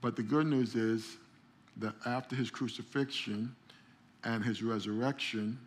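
A man's voice: mid-range voice, steady tone, a little slow. A male pastor delivering a conversational sermon, repeating and restarting words as he goes and calling out to the congregation for responses.

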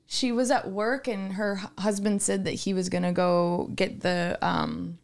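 A woman's voice: mid-range voice, fairly even intonation, slow, creaky. A woman co-hosting a podcast, chatting casually, gushing and rambling through stories. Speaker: co-host. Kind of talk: casual chat.

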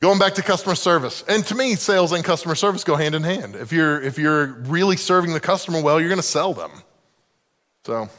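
A man with a fairly high voice tells stories to a live group, acting out each person he quotes. The room rings with a long hall reverb. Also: fairly quick. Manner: animated, acts out quoted voices, self-deprecating. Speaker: speaker teaching a leadership class. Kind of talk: storytelling talk to a live group.

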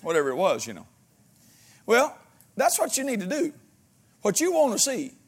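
A man preaching a sermon as pastor, with folksy humor and frequent amens, swinging between loud exhortation and quiet asides. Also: high voice, wildly swooping pitch, moderate pace, husky.

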